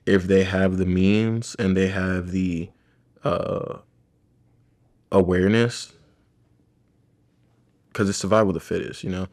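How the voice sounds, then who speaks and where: A man with a very low voice and a flat, even delivery. He talks loosely and reflectively, rambling through stories in a relaxed conversation. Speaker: chiropractor. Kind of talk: casual podcast conversation.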